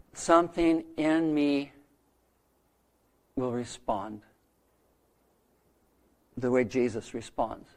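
A middle-aged man preaching a sermon, telling a story earnestly with dramatic pauses. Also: mid-range voice, a little mellow. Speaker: pastor.

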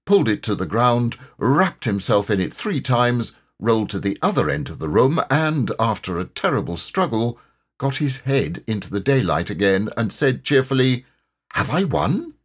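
A man narrating a children's storybook audiobook in an expressive, measured way. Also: on the low side, slightly rough. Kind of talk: storybook reading.

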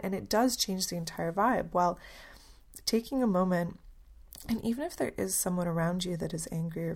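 A woman hosting a podcast alone, talking in an earnest, thoughtful way and often pausing to search for words. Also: fairly low pitch, a little mellow. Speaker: podcast host. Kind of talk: reflective solo podcast talk.

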